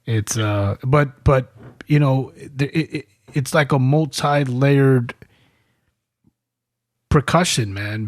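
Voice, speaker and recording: A man's voice: medium pitch, no room sound, studio quality. Profane, emphatic male veteran guest. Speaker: podcast guest, military veteran. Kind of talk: casual podcast chat. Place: studio.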